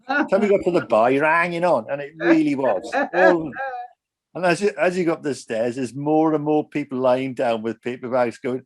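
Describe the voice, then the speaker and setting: Older guy chatting, telling his ferry story, plain mid voice. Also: medium pitch. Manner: conversational storyteller. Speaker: guest. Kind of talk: casual chat.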